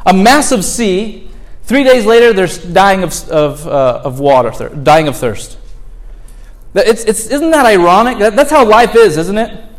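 A man's voice: high voice, lively intonation, normal speed. A man preaching a sermon as pastor, earnest, asking the congregation rhetorical questions and acting out complaining prayers.

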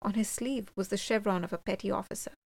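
A woman reading a first-person gothic story aloud, measured and slowing for suspense. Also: medium pitch, steady tone, vocal fry. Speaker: audiobook reader.

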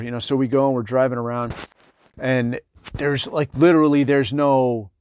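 Middle-aged male veteran, casual storyteller, chatty and digressive, mid-pitched voice. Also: steady tone, normal speed, darkish tone, slight background noise. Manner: rambling, digressive, conversational with lots of fillers.

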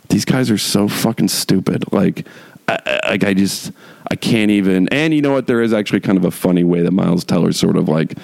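A man's voice: on the low side, gravelly, a little mellow. A man hosting a casual talk show, ranting in a rambling, profane way full of filler words. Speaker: podcast host reviewing shows. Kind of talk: casual rant.

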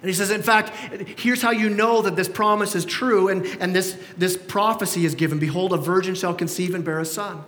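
A male pastor preaching a sermon in a church, animated and acting out the voices he quotes with rising emphasis. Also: sits high, a little fast, few pauses, big-room sound. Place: church sanctuary.

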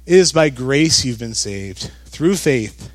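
A man preaching a sermon as a pastor, talking conversationally with jokes and animated emphasis. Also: medium pitch, takes it slowly, no room sound.

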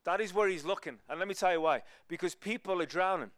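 A man preaching as a guest speaker, telling stories in a relaxed, conversational way. His voice sits a little high and sounds smooth and resonant. The sound is dry and close. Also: fast, no echo. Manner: conversational, storytelling, swings between loud and hushed. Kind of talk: sermon.

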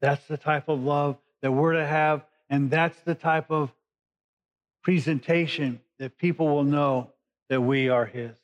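A man's voice: on the high side, steady tone, unhurried. Man preaching in a conversational sermon. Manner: conversational Bible teaching, paraphrasing scripture. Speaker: pastor. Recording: dull lo-fi recording.

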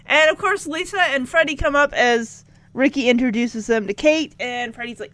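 A woman's voice: high-pitched, moderate pace, pushed and bright. A woman giving a casual, chatty recap of a show episode, acting out the characters' lines with incredulous asides.

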